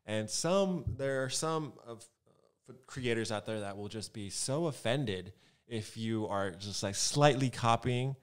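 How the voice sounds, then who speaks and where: A young American man, a photographer guest, chatting casually and telling animated stories in a podcast interview. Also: mid-range voice, a little slow, smooth. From United States. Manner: animated storytelling, acts out quoted voices.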